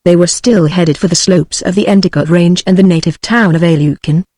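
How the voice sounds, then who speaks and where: A text-to-speech voice of a woman with a British English accent, reading an adventure novel aloud in an even, synthetic manner. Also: fairly low pitch, fairly quick, dry recording, studio quality. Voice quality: even synthetic delivery, same voice for all characters. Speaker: audiobook narrator.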